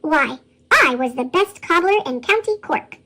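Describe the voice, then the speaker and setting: A woman voicing a grumpy old male leprechaun cobbler in a storybook reading, her voice sped into a squeaky chipmunk pitch. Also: expressive, a little slow, pushed and bright, full character voice. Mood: proud. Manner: gruff, stubborn storybook voice. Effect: chipmunk pitch shift.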